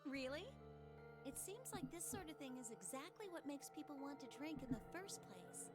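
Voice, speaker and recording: A woman's voice: sits high, animated, moderate pace. An actress voicing a carefree young woman playing bartender, teasing and coaxing, in game audio with echo and music behind. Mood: playful.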